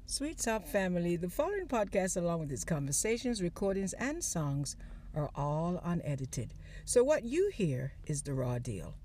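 A woman's voice: fairly low pitch, big pitch swings, moderate pace, noisy background. A woman hosting a comedy podcast, reading an upbeat intro and disclaimer. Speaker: podcast host. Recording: loud music underneath.

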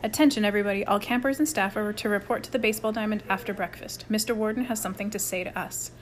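A woman voicing a brisk adult male head counselor making an announcement. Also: medium pitch, steady tone, a little hiss or hum, close to an everyday voice. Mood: announcing.

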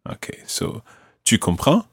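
A man hosts a podcast language lesson, teaching patiently and slowing down to spell out each phrase. The sound is clean studio audio with no room sound.

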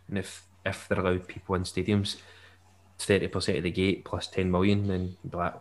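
Chatty man, low voice. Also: little pitch movement, brisk, background noise. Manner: chatty, jokey, with bursts of laughter. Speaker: podcast co-host. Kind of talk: casual chat.

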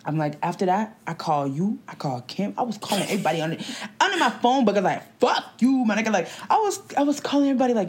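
A young woman co-hosting a casual chat, telling a story in a blunt, profane, animated way. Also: mid-range voice, fast, hardly any pauses, husky.

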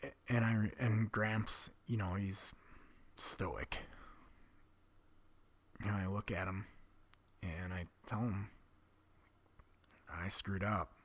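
Slow, husky-voiced man confiding. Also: fairly low pitch, steady tone. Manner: confessional, often dropping to a breathy whisper; blunt, swears freely. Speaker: vlogger telling his own story. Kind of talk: candid personal storytelling.

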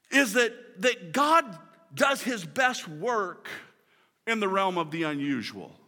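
A male pastor preaching a sermon at a church service, with energetic delivery, repeated words and casual, folksy phrasing. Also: extremely high pitch. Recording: long hall reverb.

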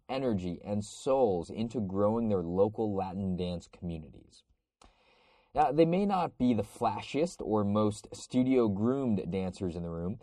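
Male podcast host, a bit sick, reads aloud; lowish, warm, dry. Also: no echo. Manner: conversational, reading steadily. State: has a cold. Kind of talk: reading an article aloud.

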